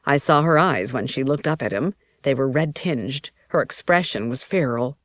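A woman reading a first-person story as audiobook narration in an even, measured way. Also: deep voice, no room sound.

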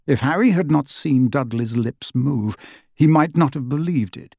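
A man narrating an audiobook in an expressive storytelling manner, close to the mic. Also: mid-range voice, normal speed, gravelly, no room sound. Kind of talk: scripted narration.

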